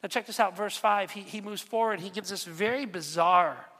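A pastor preaching a lively sermon, firing questions at the congregation and slipping in joking asides. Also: medium pitch, normal speed. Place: church sanctuary. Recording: long reverb of a large hall.

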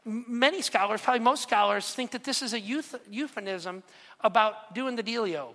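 A pastor preaching a lively sermon, firing questions at the congregation and slipping in joking asides. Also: medium pitch, normal speed. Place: church sanctuary. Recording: long reverb of a large hall.

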